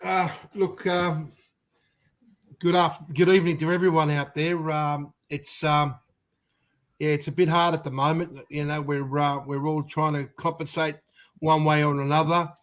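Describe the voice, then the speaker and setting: Hesitant man, flat delivery. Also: fairly high pitch, unhurried. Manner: hesitant, full of ums. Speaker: podcast panelist. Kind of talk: casual sports banter.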